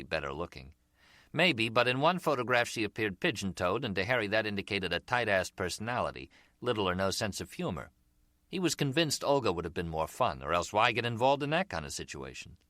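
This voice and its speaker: Male audiobook narrator, wry delivery, bright and lively, lowish voice, dry close sound. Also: no echo. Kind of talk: scripted narration.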